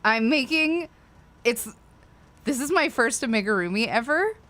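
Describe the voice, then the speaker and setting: A woman's voice: fairly high pitch, animated, measured pace, fairly bright tone. A woman hosting a casual livestream and chatting to viewers, ranting with frequent swearing and apologetic asides. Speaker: livestream host.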